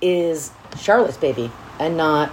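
A woman in a casual book-club chat, swearing freely and acting out characters in quick asides. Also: sits low, a little hiss or hum. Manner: animated, profane, acts out characters in quotes. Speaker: podcast co-host.

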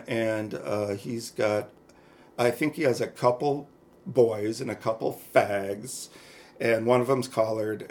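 Gravelly-voiced man telling candid stories. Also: medium pitch. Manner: frank, chatty storyteller. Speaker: podcast co-host. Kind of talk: candid personal storytelling.

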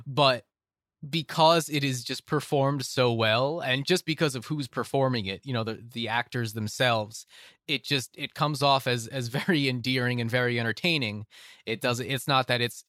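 A man's voice: mid-range voice, normal speed, fairly bright tone, no room sound, studio quality. A young man hosting a casual film podcast, talking with enthusiasm and often restarting his phrases. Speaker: podcast host.

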